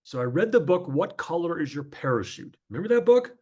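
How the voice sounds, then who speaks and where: A man in his fifties, originally from northern New Jersey, recounts his path from basketball to broadcasting in a relaxed, chatty way. His voice sits slightly above the usual pitch for men, and he fills his stories with asides and fillers. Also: a little fast, husky. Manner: chatty, anecdotal, frequent fillers. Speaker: podcast guest, former sportscaster. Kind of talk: casual storytelling interview.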